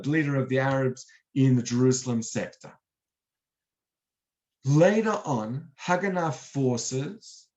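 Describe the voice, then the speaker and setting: A man guiding an online history lecture, telling events as a lively story and acting out the quotes. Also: mid-range voice, lo-fi sound. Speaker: tour guide and lecturer. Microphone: online video talk.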